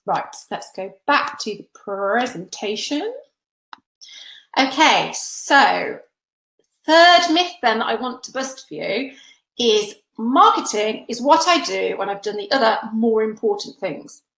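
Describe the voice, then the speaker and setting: A woman presenting a workshop webinar, her voice sitting a touch high and friendly. She talks in a chatty, encouraging way, full of little fillers. The sound is roomy, with a noticeable echo around her webcam mic. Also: expressive, slow pace, vocal fry, fairly bright tone. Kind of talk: webinar teaching talk.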